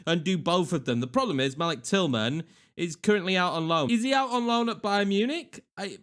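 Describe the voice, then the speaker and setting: Excitable Yorkshire lad commentating gameplay. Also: male voice, high voice, a little fast. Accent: Northern English (Yorkshire). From England. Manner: excitable, chatty, swings between hype and grumbling. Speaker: gaming YouTuber.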